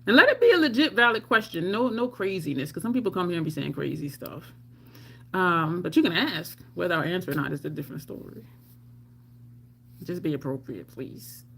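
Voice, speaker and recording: A middle-aged woman telling personal stories casually on a live stream. She is animated, laughs often, and acts out her own lines. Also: fairly low pitch, brisk, vocal fry, slightly rough. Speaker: livestream storyteller.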